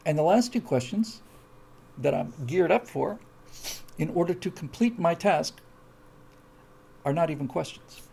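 A man's voice: on the high side, lively intonation, a little slow, vocal fry, pauses often, warm tone, husky. A man hosting a live stream, reading out viewer comments in a casual, wry, digressive chat that often breaks off and restarts. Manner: wry, digressive, self-interrupting.

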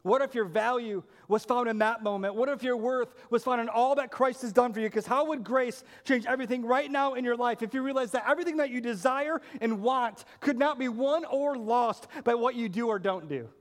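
A man's voice: very high voice, fairly quick, few pauses, big-room sound. A male pastor preaching a sermon, earnest and emphatic, pressing his point with repeated questions.

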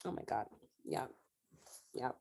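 A woman co-hosting a casual chat, reacting expressively to a TV episode. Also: slow. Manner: expressive, reacts with gasps and laughs. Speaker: podcast co-host.

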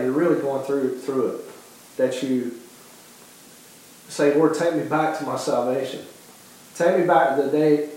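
Fired-up preacher guy, voice a bit high, restarts a lot, super echoey hall. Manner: impassioned preaching with repeated restarts and quoted dialogue. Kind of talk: sermon.

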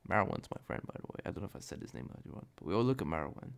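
Rambling young man, gravelly voice. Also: low voice, huge pitch swings, rapid-fire. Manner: rambling, profane and self-correcting. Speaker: podcast host. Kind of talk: casual solo podcast storytelling.

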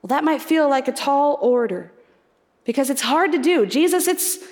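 A woman's voice: high-pitched, animated, moderate pace, darkish tone. A woman preaching a sermon, earnest and reflective, posing rhetorical questions to her congregation. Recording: reverberant hall.

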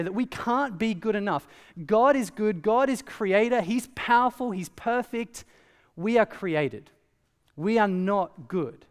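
Man, pastor, chatty animated sermon, high voice, long hall reverb. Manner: conversational, animated preaching with asides.

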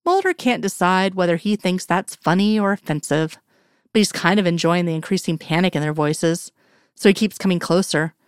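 A woman reading a story aloud in an even, measured narration. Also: on the low side, smooth, no room sound, clean studio sound. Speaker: reader. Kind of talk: storytelling narration of fan fiction.

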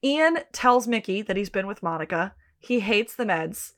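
A woman's voice: medium pitch, expressive, moderate pace, fairly bright tone. A woman co-hosting a podcast, talking casually through a TV episode. She reads scene dialogue aloud and swears freely as she goes. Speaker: podcast co-host. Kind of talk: casual chat recapping a TV episode.

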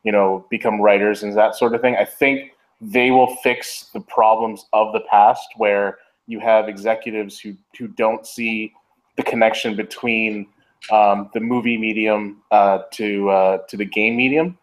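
Low-voiced man musing with fillers. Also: little pitch movement, a little slow, low-quality recording. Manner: thoughtful, hesitant with fillers. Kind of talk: casual chat.

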